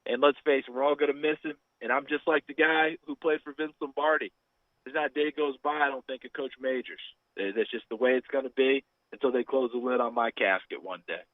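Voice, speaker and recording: A man's voice: medium pitch, fairly quick, no echo. Man calling a radio show, heartfelt, emphatic, tinny phone line, dry sound. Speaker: caller, former player. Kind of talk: radio call-in.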